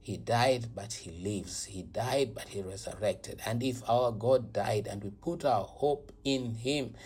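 A man leads a devotional reflection and prayer in an earnest, repetitive way, now and then falling to a whisper. His voice is mellow and warm in tone. It has a husky, breathy edge. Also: lowish voice, a little slow. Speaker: prayer leader.

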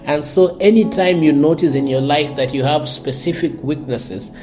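A pastor from South Sudan preaches earnestly, often repeating words as he searches for the right phrasing, with faint music behind him. His voice is fairly high-pitched and darkish in tone, at a normal speed.

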